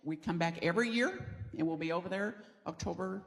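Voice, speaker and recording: A woman's voice: fairly low pitch, a little fast, gravelly. A middle-aged woman from the American South preaching a sermon in a church, conversational and playful, inviting the congregation to repeat lines with her. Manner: conversational and playful, leads the congregation in call-and-response. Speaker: pastor. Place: church sanctuary.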